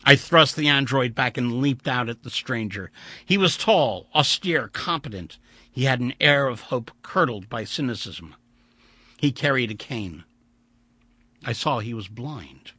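A man reading a story aloud in an expressive, vivid storytelling way. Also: mid-range voice, unhurried, no echo. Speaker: audiobook narrator. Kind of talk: dramatic audiobook reading.

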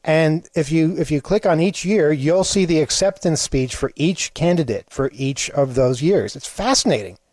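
Higher-voiced man, playfully indignant host. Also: animated, moderate pace, few pauses, darkish tone, no echo. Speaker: show host. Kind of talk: casual comedic chat.

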